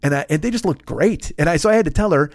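A man in his fifties, a podcast host, telling a long story in an animated, profane, self-mocking way. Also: on the high side, quick pace, dry recording, clean studio sound. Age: 50s. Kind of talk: storytelling monologue.

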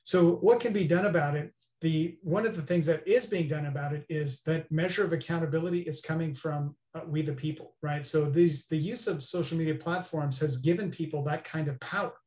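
A man's voice: fairly high pitch, brisk, hardly any pauses, darkish tone. A man speaking as an interview guest, explaining earnestly and often checking in with "right?". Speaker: guest expert. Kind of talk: interview conversation. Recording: roomy echo.

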